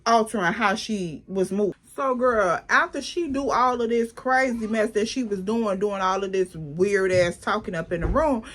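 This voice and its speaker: A woman telling a story in a casual vlog, animated and blunt, with plenty of cursing. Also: mid-range voice, moderate pace, hardly any pauses.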